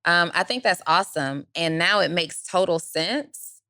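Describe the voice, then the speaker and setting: A woman's voice: lowish voice, expressive, measured pace, bright, forceful tone, dry recording, clean studio sound. A middle-aged woman co-hosting a business podcast, giving direct step-by-step advice. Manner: direct, advising, explains step by step. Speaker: podcast co-host, business coach. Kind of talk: casual chat, advice.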